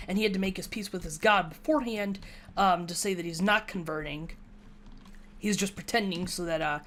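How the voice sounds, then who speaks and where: A woman's voice: medium pitch, a bit bright, a little hiss or hum. A woman casually chatting while she plays a video game, retelling a tabletop session in a rambling, self-mocking way. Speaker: gaming YouTuber. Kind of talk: casual gameplay commentary, recounting a tabletop session.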